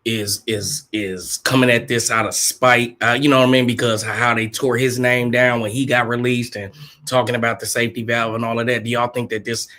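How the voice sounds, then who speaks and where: A man's voice: medium pitch, little pitch movement, brisk, pushed and bright. A man hosting a casual livestream chat, thinking aloud at his computer and putting probing questions to his guests. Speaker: host. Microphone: desk mic at a computer.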